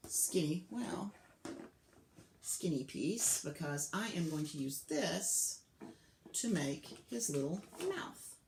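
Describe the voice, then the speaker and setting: In an echoey room with faint clicks and a little hiss or hum, a low-pitched woman patiently guides children through a clay craft step by step. The craft teacher often drops to a near whisper.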